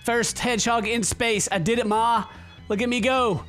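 A man rattles off jokey let's play commentary, excitable and sarcastic, swearing freely. His voice is bright and sharp, recorded close on a desk microphone with faint game music in the background. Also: extremely high pitch, normal speed. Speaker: gaming YouTuber.

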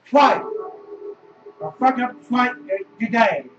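A gameplay video host gives casual let's play commentary on his horror game, cursing, shouting at it and venting his frustration. His voice is extremely high and animated but slow, with frequent pauses, soft background music, and a distant lo-fi mic.

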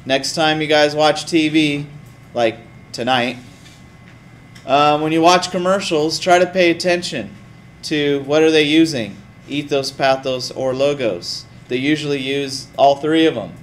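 A man teaching a class in a lively, casual way, often putting questions to the students. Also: on the high side, unhurried, a little hiss or hum. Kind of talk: classroom lecture.

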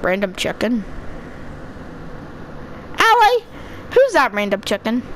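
A woman giving playful, excitable commentary while playing a game, talking to the characters on screen. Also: a little high, moderate pace, a little hiss or hum. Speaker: gamer. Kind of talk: casual gameplay commentary. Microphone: headset or desk mic.

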